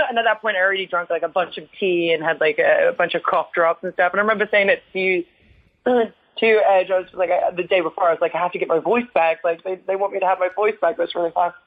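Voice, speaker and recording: An English woman, a retired wrestler, telling stories in a casual interview, chatty, full of "like" fillers and quick laughs. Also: fairly low pitch, fairly even intonation, dry recording. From England. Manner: chatty storyteller with constant "like" fillers and frequent laughs. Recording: tinny phone-like line, dry.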